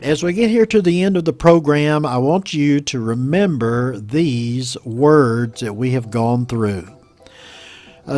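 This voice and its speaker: A man's voice: medium pitch, a little mellow, no room sound. Patient American man teaching English words. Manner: slow, patient, repeats words for learners. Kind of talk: reading a news story aloud and explaining words.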